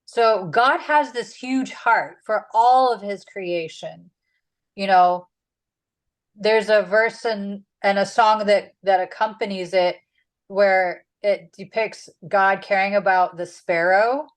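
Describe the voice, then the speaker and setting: A woman's voice: medium pitch, slow pace, low-quality recording. Woman Bible study leader, casual and chatty, mid-range voice. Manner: chatty, with many "like"s and "um"s.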